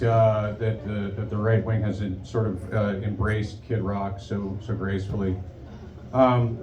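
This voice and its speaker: A man in his forties doing a stand-up set in a bar, rambling and profane, full of ums and restarts. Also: mid-range voice. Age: 40s. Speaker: stand-up comic. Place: bar comedy stage. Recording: echoey live bar, distant mic, crowd noise. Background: crowd, ambience.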